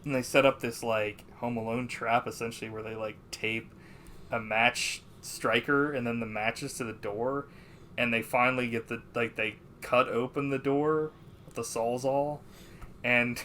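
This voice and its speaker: A man co-hosting a podcast who retells a movie's plot in a casual, animated way, full of swearing and fillers. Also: medium pitch, a little slow, slight background noise. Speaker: podcast co-host. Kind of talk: casual movie review chat.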